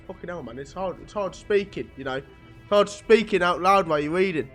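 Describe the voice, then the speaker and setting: A man's voice: sits high, brisk, a bit bright, faint music behind. A man reading a comic aloud with casual, wisecracking, swearing asides. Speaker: comic book reader.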